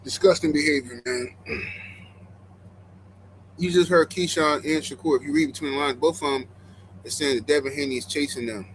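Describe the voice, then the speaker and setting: A man's voice: on the high side, moderate pace, pauses often, a little hiss or hum, low-quality recording. A man hosting a boxing channel, reacting bluntly and mockingly to clips. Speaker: boxing commentary channel host.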